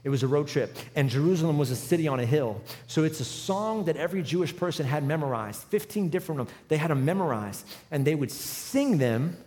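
Higher-voiced male pastor in a reverberant hall. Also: animated, a little fast, few pauses. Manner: storytelling, humorous, builds to loud emphatic runs. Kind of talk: sermon. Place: large church hall with live audience.

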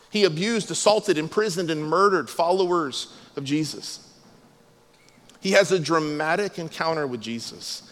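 A man preaching a sermon as pastor, earnest and emphatic, often dropping to a soft, low voice. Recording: long hall reverb.

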